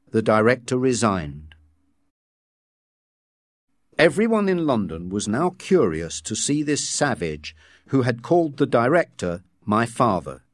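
A man reads a story aloud at an unhurried pace, his intonation rising and falling freely. The recording is close and dry, and the narration sounds measured and scripted. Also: medium pitch, dry recording. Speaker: audiobook reader.

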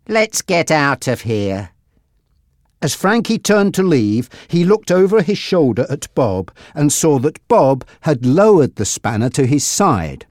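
A storybook narrator reading a tense crime tale at an unhurried pace. The delivery is deliberate, and the pitch rises and falls freely to follow the action. The sound is dry and close to the mic. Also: dry recording. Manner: deliberate, expressive. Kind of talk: slow dramatic storybook reading.

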